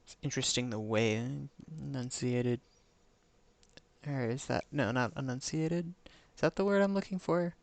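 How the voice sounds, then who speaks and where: A man's voice: medium pitch, normal speed, no room sound. A man streaming a game live, musing to himself in casual commentary and hunting for the right words.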